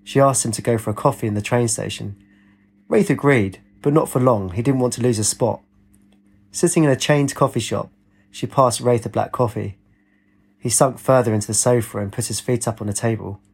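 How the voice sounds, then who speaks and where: Husky guy reading a story aloud, steady and plain. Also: mid-range voice, a little fast. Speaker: narrator. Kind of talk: audiobook story narration.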